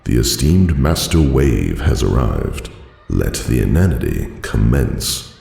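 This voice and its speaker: Very deep, gravelly male narrator. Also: big pitch swings, slow, mellow, faint music behind. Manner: dry, formal storytelling delivery. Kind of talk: fan audiobook reading. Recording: roomy reverb.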